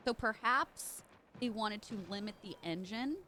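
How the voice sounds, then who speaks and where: A woman's voice: medium pitch, a little slow, sharp tone, a little hiss or hum. A young woman streamer chatting playfully while she plays, sounding congested. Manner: chatty, playful asides to chat. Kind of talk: casual live game stream commentary.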